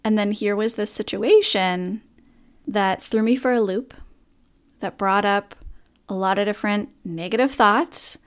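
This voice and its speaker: A woman's voice: mid-range voice, a little slow, clean tone. A woman hosting her own podcast, talking candidly and earnestly about a hard morning in a reflective monologue. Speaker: podcast host.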